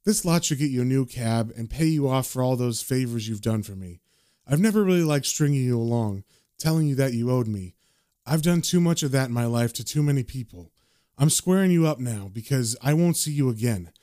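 A man voicing a dying, cynical male occult con man in a low, subdued, world-weary tone. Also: expressive, fairly quick, dark tone, no room sound, studio quality, lightly acted. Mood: rueful.

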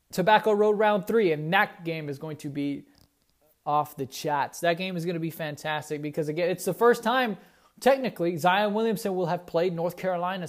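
Chatty man hosting a sports podcast. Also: a little high. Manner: rambling, self-correcting, checks scores live. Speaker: podcast host. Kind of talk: casual sports podcast talk.

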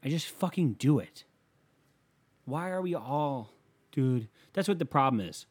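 Man, casual comedic rant, profane, exasperated, mid-pitched voice, loud bursts of emphasis. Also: animated, measured pace, breathy edge.

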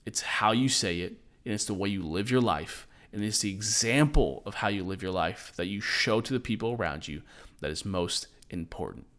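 A man's voice: on the low side, normal speed, a bit bright. A man in his thirties hosting a short motivational podcast, talking in an earnest, conversational way with self-deprecating asides. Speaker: podcast host.

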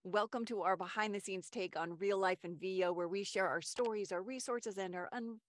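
A woman's voice: mid-range voice, a little fast, faint music behind. A woman co-hosting a podcast in casual chat, bubbly and giggly, sometimes stumbling over her words. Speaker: podcast co-host.

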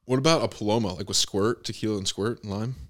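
A man's voice: fairly low pitch, fast talker, fairly bright tone. A young man hosting a podcast, chatting casually and rambling, with lots of fillers and swearing. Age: young adult. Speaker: podcast host. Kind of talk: casual chat.

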